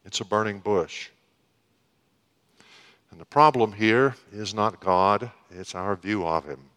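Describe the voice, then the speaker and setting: A man preaching a sermon, slow and deliberate, with dramatic pauses. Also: mid-range voice, fairly bright tone. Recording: long reverb of a hall.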